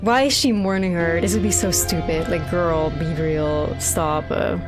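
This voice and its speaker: A woman's voice: fairly low pitch, measured pace, few pauses, over music. A young woman giving casual, profane commentary while playing a video game, rambling and incredulous. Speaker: game streamer.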